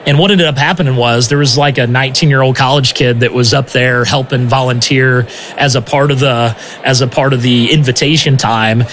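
A man sharing a personal testimony in an interview, earnest and animated, often stumbling over repeated words. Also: mid-range voice, a little hiss or hum.

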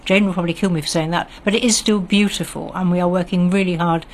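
A woman's voice: lowish voice, steady tone, quick pace. Older Englishwoman chatting as a radio guest. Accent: standard southern English. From West Country of England. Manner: warm, chatty, self-deprecating. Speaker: radio guest, garden club secretary. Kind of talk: radio chat. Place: radio studio.

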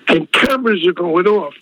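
A man's voice: high voice, no room sound. An older man, a singer telling stories in an interview, acting out the dialogue and chuckling as he goes. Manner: animated storyteller acting out quoted dialogue, chuckling often. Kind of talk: storytelling interview. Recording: slightly dull dry radio audio.

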